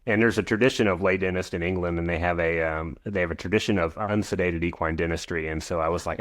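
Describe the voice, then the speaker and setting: Deep-voiced man in his forties, rambling. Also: fairly even intonation, quick pace, no room sound. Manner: rambling, frequent restarts and asides. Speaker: guest, equine veterinarian. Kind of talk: podcast interview.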